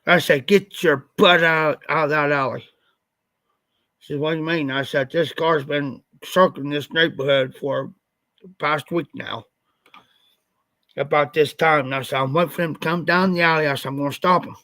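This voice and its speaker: Man, livestream host, casual rambling storyteller, slightly congested, bright tense tone, fairly high voice. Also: fairly even intonation, normal speed, dry recording. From Ohio. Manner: rambling, repeats "I said" often. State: slightly stuffed up after the flu.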